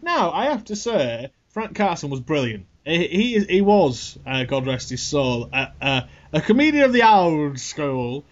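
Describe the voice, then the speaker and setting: A man's voice: fairly high pitch, very animated, unhurried, hardly any pauses, lo-fi sound. A man from England hosting a podcast, chatty and self-mocking, laughing often. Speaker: podcast host. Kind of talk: casual chat.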